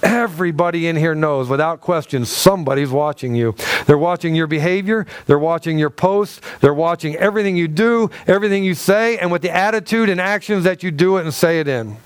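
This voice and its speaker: High-voiced man preaching a conversational sermon. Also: fairly quick, clear, resonant tone. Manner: conversational preaching with asides and laughs. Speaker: pastor. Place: church hall.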